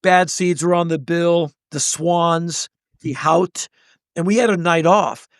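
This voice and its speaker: A man's voice: a little high, slow pace, no room sound, studio quality. A man in his sixties, a podcast guest, telling a story animatedly and acting out the people in it. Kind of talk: storytelling in conversation.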